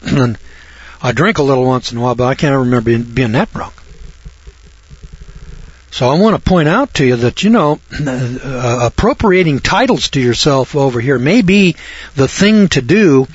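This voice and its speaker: A man's voice: medium pitch, expressive, moderate pace, slightly rough, no room sound. A man giving a rambling, folksy Bible talk, with chuckling asides and jokes at his own expense. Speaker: Bible teacher. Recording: dull dry lo-fi recording.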